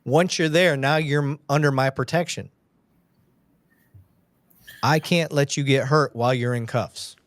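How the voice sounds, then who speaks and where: A man's voice: medium pitch, fairly even intonation, measured pace, pauses often, no echo. Man, livestream host, blunt, profane, heated, dry close sound. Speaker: podcast host, police sergeant. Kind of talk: casual livestream chat.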